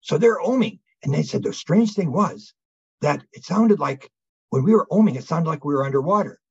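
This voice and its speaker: A man with a husky, breathy voice recounts a story as an interview guest, animated and full of restarts. The sound is dry and close, with a slightly dull, lo-fi tone. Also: a little high, normal speed, no echo. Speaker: guest researcher.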